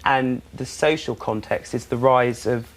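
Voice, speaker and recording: A man chats as a morning TV guest, his speech loose and full of restarts. His voice sits at a middling pitch. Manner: chatty, halting with restarts and fillers. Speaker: guest performer. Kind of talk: casual chat.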